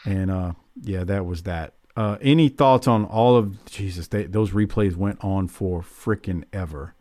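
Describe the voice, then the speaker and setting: A man hosting a casual wrestling recap podcast, joking and relaxed, on a podcast mic. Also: low-pitched, unhurried, no room sound, studio quality. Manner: casual, lively, joking, swears. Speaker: podcast host.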